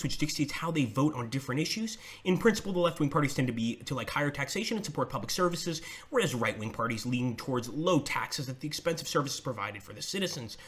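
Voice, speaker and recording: Dude doing casual gameplay commentary, regular-pitch voice, chatty, reads the game text out loud. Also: male voice. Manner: chatty, reads on-screen tutorial text aloud. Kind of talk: casual let's-play commentary.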